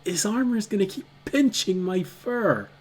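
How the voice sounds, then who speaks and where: A man's voice: sits high, lively intonation, moderate pace, slightly rough, pitched above the performer's own voice. A man voicing a grumpy, wet furry mount that complains telepathically about carrying an armored rider. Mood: indignant complaint. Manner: complaining, indignant.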